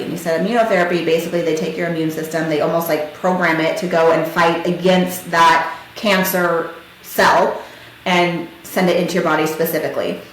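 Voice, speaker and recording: A woman's voice: lowish voice, slight background noise. A woman hosting a podcast, retelling a hard personal story in a conversational, emotional way, recounting past conversations with many fillers. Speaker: podcast host. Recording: very echoey room.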